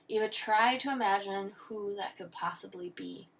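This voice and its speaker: A woman teacher reads a picture book aloud with lively, expressive storytelling. Her voice sits a little back from the mic. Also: mid-range voice, normal speed, far from the mic.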